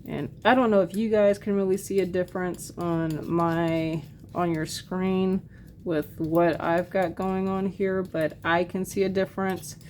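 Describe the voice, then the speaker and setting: Low-voiced woman teaching painting. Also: measured pace, a little hiss or hum. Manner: relaxed, chatty, many fillers and apologies. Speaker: art teacher. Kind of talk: casual painting tutorial.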